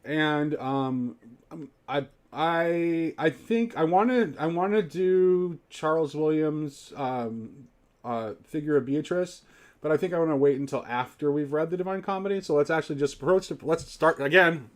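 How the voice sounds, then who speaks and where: A man hosting a casual livestream chat, who talks in halting starts and restarts and laughs easily. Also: a little high. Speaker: podcast host.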